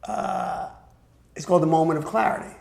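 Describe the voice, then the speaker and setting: Older man with a gravelly, high voice. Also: a little fast. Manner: animated storyteller who acts out other people's voices. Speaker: guest recalling a music career. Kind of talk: anecdotal storytelling interview. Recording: echoey room.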